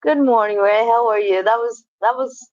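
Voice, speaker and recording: A woman's voice: on the high side, fairly even intonation, moderate pace, a little mellow, no room sound, lo-fi sound. A woman hosting a casual livestream, greeting and chatting with viewers, laughing often and swearing freely. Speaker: livestream host. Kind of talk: casual livestream chat reading viewer comments.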